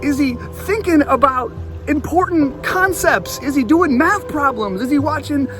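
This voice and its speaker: A man voicing a brash male prophet who mocks his rivals with loud, rapid-fire taunts, as a quote inside a sermon. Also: high-pitched, expressive, over music. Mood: taunting.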